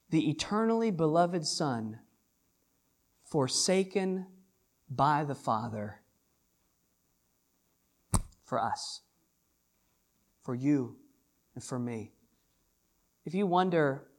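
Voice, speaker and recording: A man preaching a sermon as pastor, swinging between hushed lines and loud, drawn-out emphasis. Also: a little high, lively intonation.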